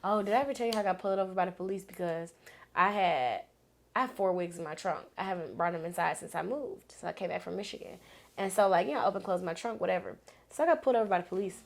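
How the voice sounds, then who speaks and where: A woman's voice: lowish voice, fast talker, creaky. A young woman co-hosting a podcast, a little tipsy, telling stories dramatically in casual chat. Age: young adult. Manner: dramatic, laughs through her stories. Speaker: podcast co-host. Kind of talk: casual chat, animated storytelling.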